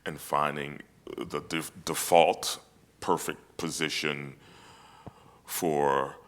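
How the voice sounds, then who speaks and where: Very deep-voiced man, reflective and halting. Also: little pitch movement, a bit bright. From United States. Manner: reflective, halting with many restarts. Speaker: opera singer, guest. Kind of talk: casual conversation.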